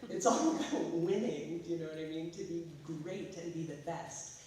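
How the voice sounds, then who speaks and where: An American woman from California giving a casual, halting talk to a school audience, with many fillers. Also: deep voice, warm tone, distant mic, slight background noise. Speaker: guest speaker, artist. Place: school hall. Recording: echoey school hall from afar.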